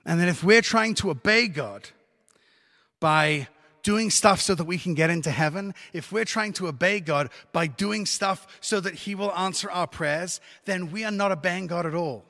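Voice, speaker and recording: High-voiced preacher in a reverberant church. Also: male voice, normal speed. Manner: lively, conversational preaching with joking asides. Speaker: pastor. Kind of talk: sermon.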